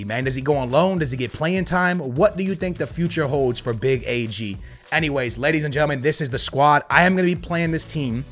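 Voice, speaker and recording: A young man giving casual, hyped gameplay commentary as a gaming creator, shouting when goals go in. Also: medium pitch. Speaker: gaming YouTuber.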